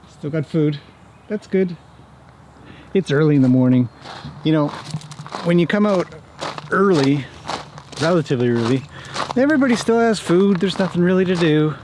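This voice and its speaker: A horse trainer who vlogs walks round a farm outdoors, chatting casually to the camera and speaking fondly to the animals. His voice is a little high and animated, at normal speed with frequent pauses. Background noise can be heard.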